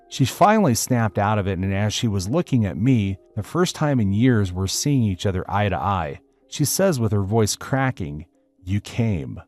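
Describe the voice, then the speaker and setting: Low-voiced man reading a story. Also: a little mellow. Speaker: narrator. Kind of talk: reading a first-person story aloud. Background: faint music.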